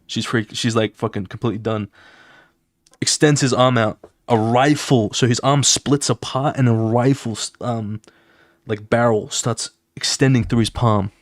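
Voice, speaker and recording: A young man streaming while he draws, casually talking through his comic's scenes in an excited, swear-filled way and acting them out with sound effects. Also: medium pitch, no echo, clean studio sound. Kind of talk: casual live-stream chat while drawing.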